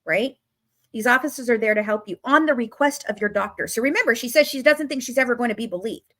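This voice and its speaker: Woman true-crime commentator, high voice, emphatic, angry, swears, repeats herself for effect. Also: fast talker, fairly bright tone. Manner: emphatic, repetitive, swears when worked up. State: openly angry. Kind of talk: casual true-crime rant to viewers.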